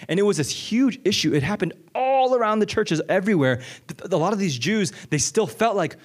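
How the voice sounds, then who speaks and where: Man, high voice, pastor, teaching sermon, energetic, conversational, repeats phrases. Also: brisk, hardly any pauses. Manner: energetic, conversational, checks in with the room.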